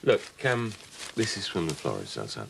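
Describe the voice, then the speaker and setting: A careful, businesslike man with a gravelly edge in his voice. His pitch rises and falls a lot, and he speaks in polite, measured phrases. A faint hum runs behind him. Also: wildly swooping pitch, full character voice. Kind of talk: soap opera acting.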